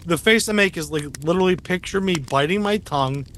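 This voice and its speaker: Male podcast co-host, casual and animated storyteller, slightly raised pitch. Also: fast, a little hiss or hum. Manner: animated storytelling with lots of fillers and swearing. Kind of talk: casual chat.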